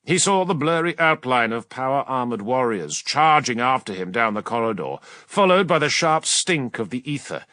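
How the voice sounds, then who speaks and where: A man narrating a science-fiction story as an audiobook reader, dramatic and urgent in action, hushed in calmer passages. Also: medium pitch, normal speed, few pauses, dry recording. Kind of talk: scripted narration.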